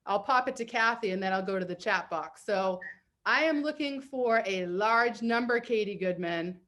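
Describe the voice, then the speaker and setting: A woman's voice: mid-range voice, animated, moderate pace, fairly bright tone. A woman with a Boston accent hosting a comedic therapy talk show over a video call, bubbly and laughing often as she leads a word game. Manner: bubbly, laughs often, reads aloud playfully. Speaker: host.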